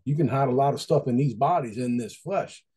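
Speaking a little fast, a man with a husky, mellow voice offers a relaxed devotional talk. He keeps it folksy and conversational, returning to repeat his points, with pitch sitting mid-range.

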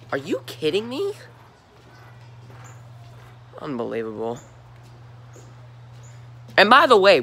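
Guy from georgia ranting on his sports vlog, bright sharp voice, pitch jumping all over. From Georgia, USA. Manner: exasperated, ranting, repeats himself in disbelief. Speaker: sports talk host. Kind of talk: solo sports rant vlog.

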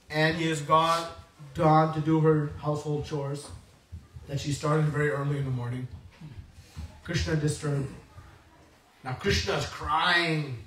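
A man preaching a devotional storytelling lecture in an animated way, acting out voices and laughing often, heard from a distance in an echoey room. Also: on the high side, slight background noise.

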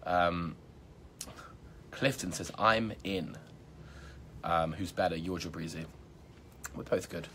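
Upbeat low-voiced man on a live stream. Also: takes it slowly, pauses often, bright, forceful tone, slight background noise. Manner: upbeat, hypes viewers, many fillers like "um" and "like". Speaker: magician hosting a live stream. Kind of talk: casual live-stream chat reading out viewer comments. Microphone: phone or laptop live stream.

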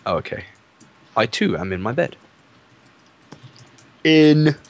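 A man chatting casually while playing a game with a friend, playful and quick to laugh. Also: on the high side, expressive. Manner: playful, laughs a lot, jokey banter. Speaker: gaming co-host. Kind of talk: casual gaming chat.

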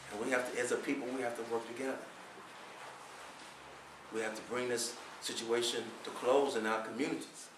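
Impassioned preacher in an echoey hall. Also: male voice, mid-range voice, background noise. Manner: impassioned, rhetorical questions, swells to near-shouts. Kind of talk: Friday sermon. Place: prayer hall. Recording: echoey room, voice from far off.

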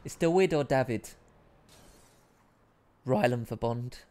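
A man's voice: mid-range voice, animated, slow pace, warm tone. Rambling man chatting on a stream. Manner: rambling, self-deprecating, reads out chat. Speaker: live streamer. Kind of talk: casual chat with viewers.

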